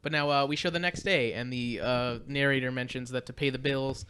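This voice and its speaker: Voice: medium pitch, fairly even intonation, a little fast, fairly bright tone, a little hiss or hum. A podcast co-host casually recapping a movie in a rambling way, with plenty of "uh" and "like" and frequent laughter. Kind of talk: casual chat recapping a film.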